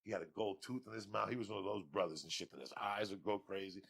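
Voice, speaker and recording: A man with a New York accent telling wild, profane stories as a podcast guest, breaking into booming laughs. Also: quick pace, creaky, fairly bright tone, breathy edge. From Cuba. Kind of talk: storytelling on a podcast.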